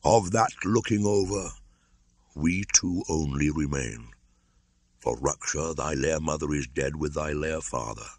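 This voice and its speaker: An older man voicing an aged, nearly blind male bear who speaks slowly and tenderly in a storybook reading. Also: rumbling low, no room sound, exaggerated voice. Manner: slow, gentle, fatherly.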